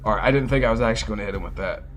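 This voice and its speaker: A man streaming a fantasy role-playing game, commenting casually and excitably and swearing freely as he reacts to the game. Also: lowish voice, very fast, faint music behind. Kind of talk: live gameplay commentary.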